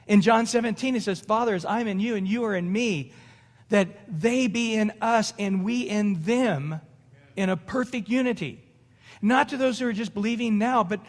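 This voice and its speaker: A middle-aged man preaching in a high, light voice, loose and conversational, breaking into short acted-out exchanges. The sound carries a long reverb from a church hall. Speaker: pastor. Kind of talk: sermon. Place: church sanctuary.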